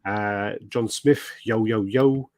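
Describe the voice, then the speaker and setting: A man hosting a casual podcast, telling a story in an animated way and acting out the people in it, with a lot of swearing. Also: on the low side, slow pace, dry recording, clean studio sound. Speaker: podcast host. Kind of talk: casual chat.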